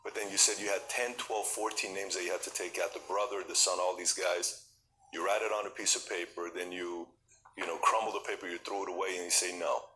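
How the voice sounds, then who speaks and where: A man hosting an interview, asking probing, deliberate questions. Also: low voice, fairly even intonation, bright, forceful tone, slight background noise, rough recording. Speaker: interview host.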